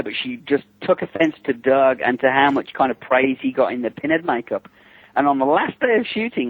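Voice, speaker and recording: A husky, mid-range man, a special effects makeup artist guesting on a radio interview, tells anecdotes in an animated, chatty way full of fillers, acting out other people's voices. The recording is dull, dry, lo-fi radio.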